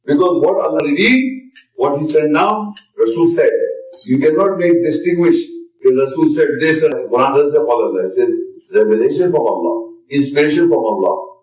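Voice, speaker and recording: A man's voice: a little high, expressive, brisk, a little mellow. A man giving a lecture and answering audience questions, talking in an insistent, repetitive and emphatic way. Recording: echoey room, voice from far off.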